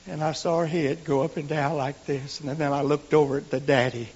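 A man preaching a sermon in folksy storytelling, dropping to hushed whispers and rising to shouts. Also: fairly high pitch, level tone, a little fast, few pauses, a little hiss or hum. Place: church. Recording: echoey lo-fi church recording.

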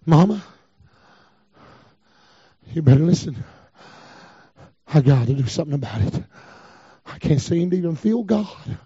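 A man preaching a revival sermon, swinging from low murmurs to shouted cries. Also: lively intonation, unhurried, pauses often, slightly rough, no echo. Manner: fervent, breaking into shouted cries, then dropping low. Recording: dull, dry recording.

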